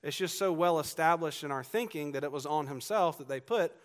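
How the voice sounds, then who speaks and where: A man's voice: fairly high pitch, a little fast. Earnest man preaching, faint Southern accent. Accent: Southern US, faded. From Georgia, US. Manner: earnest, builds emphasis on repeated quotes, with asides to the congregation. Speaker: pastor. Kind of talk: expository sermon.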